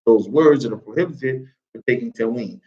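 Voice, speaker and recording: A man's voice: medium pitch, normal speed. A male Arabic teacher leading a classroom grammar lesson, drilling students with call-and-response and tossing in jokes. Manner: joking asides. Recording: lo-fi classroom recording.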